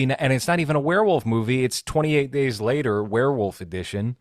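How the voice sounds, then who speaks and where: A man's voice: medium pitch, lively intonation, brisk, no room sound, studio quality. A man bluntly giving his opinions in a casual movie review chat. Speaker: podcast co-host.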